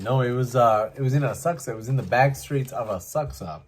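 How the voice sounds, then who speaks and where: A man from Canada telling a story casually, lively and full of asides, as host. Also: medium pitch, brisk, hardly any pauses, slightly rough. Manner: animated, acts out voices, many asides.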